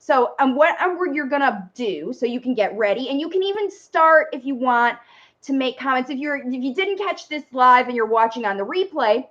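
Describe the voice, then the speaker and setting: Chatty high-voiced woman coaching parents. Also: expressive, moderate pace, a bit bright, muffled recording. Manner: chatty, addresses viewers directly with steps. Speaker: parent coach and speech facilitator. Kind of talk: live-stream coaching talk.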